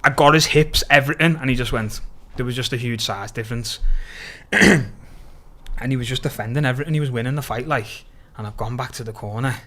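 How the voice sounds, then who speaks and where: A man's voice: medium pitch, brisk. Slangy young Scouse man telling stories. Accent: Liverpool (Scouse). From Liverpool, England. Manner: animated, slangy, sweary, keeps saying "lad". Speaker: podcast guest, MMA fighter. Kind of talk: casual storytelling.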